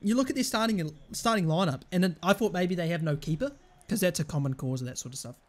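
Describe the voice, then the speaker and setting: A young man streaming a football video game, swearing constantly and switching between shouted outbursts and muttered grumbling at the match. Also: high voice, fast talker. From England. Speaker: gaming streamer. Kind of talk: live gameplay commentary.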